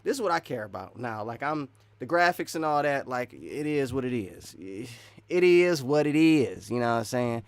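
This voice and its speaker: A man giving casual, excitable live-stream commentary while wearing earphones, rambling and swinging between loud and soft. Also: medium pitch, a little fast, hardly any pauses, dry recording. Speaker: streamer reacting to game news.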